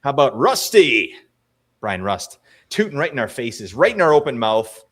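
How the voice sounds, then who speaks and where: A man co-hosting a fantasy hockey podcast in loose, casual chat. He jokes and rambles, and his voice sits at an everyday middle pitch. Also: normal speed. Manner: animated, joking, rambling. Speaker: co-host.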